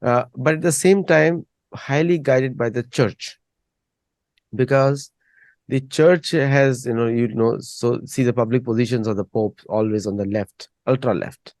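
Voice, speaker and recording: A man's voice: mid-range voice, unhurried, a little mellow, no room sound. A man hosting a casual discussion, rambling and repeating words as he thinks. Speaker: host.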